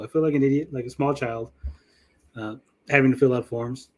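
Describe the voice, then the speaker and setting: This middle-aged podcast host talks a little fast in a mid-range voice. He's a profane, lively storyteller, acting out quotes as he goes on his casual show.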